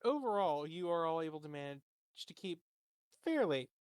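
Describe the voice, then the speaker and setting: A man narrating as game master, halting with fillers as he describes scenes. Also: a little high, sing-song, clean tone, no room sound.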